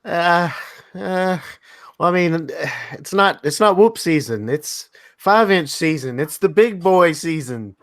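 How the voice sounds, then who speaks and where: North Carolina co-host, slightly high male voice, relaxed halting talk. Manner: hesitant, lots of fillers, easygoing. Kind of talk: live-stream chat.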